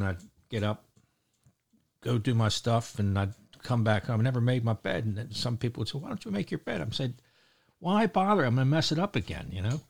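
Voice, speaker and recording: A man's voice: fairly low pitch, a little mellow. Older man with a Baltimore accent, rambling. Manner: rambling, joking, with many fillers. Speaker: host. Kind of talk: casual morning chat.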